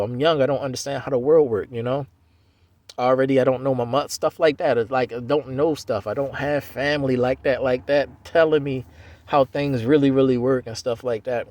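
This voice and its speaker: A man in his forties tells his own story in a loose, wandering way, circling back with "you know" and half-finished starts. His voice sits at an ordinary middle pitch, recorded close and dry with no room around it. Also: a little mellow, dry recording. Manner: loose, conversational, full of "you know" and restarts. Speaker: Navy veteran telling his life story. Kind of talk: rambling personal storytelling.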